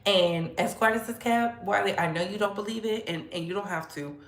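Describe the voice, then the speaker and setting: A woman's voice: fairly quick, echoey room. A woman hosting a casual livestream, talking with sass and frequent laughter. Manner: sassy, laughs often, animated swings in pitch. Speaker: commentary channel host.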